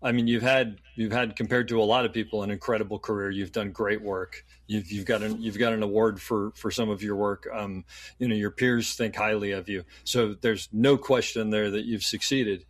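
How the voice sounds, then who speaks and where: A middle-aged man hosting a podcast, asking meandering questions with restarts and telling lively anecdotes. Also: on the low side, normal speed, no room sound. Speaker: podcast host. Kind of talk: casual interview chat.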